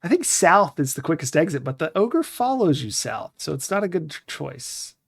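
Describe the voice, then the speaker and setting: Wry deadpan man streaming a retro game. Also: on the high side, normal speed, vocal fry, husky. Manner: wry, deadpan self-talk with mock-dramatic readings. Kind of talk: casual live-stream commentary, reading game text aloud.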